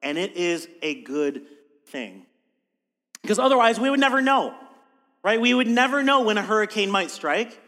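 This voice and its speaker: A high-pitched man preaches a sermon, putting weight on key words and posing rhetorical questions. His voice carries a long reverb tail from the hall around him. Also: big pitch swings, sharp tone. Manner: emphatic, rhetorical questions, slows for stress. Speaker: pastor.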